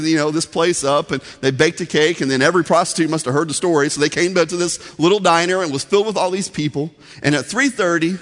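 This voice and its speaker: A man preaching a sermon as pastor, telling a story in an earnest, conversational way. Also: a little high. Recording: long reverb of a large hall.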